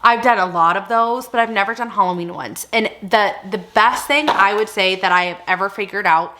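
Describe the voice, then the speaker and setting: A woman's voice: medium pitch, moderate pace, sharp tone. A woman in her thirties chatting casually in a haul vlog, rambling and giggling as she shows off her finds. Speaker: vlogger showing a haul. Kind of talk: casual chat.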